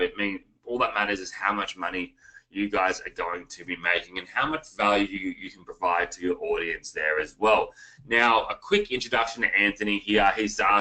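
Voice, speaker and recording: A man's voice: lowish voice, pushed and bright, poor audio. An Australian man hosting an online marketing webinar, talking casually and calling the viewers guys. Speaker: webinar host.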